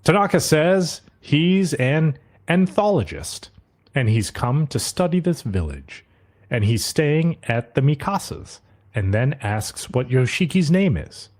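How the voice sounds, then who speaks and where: Guy on a podcast running through an anime episode, voice jumps all over, tosses in quick quotes. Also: on the high side, sing-song, a little mellow. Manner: retells scenes with quick quoted asides. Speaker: podcast co-host. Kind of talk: casual episode recap.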